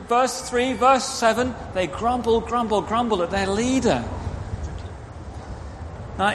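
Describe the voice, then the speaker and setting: A male preacher with a high, lively voice gives an interactive children's sermon, animatedly directing the kids and acting out quotes. The recording has a reverberant church-hall sound, faint ambience, slight background noise, and is picked up by a microphone.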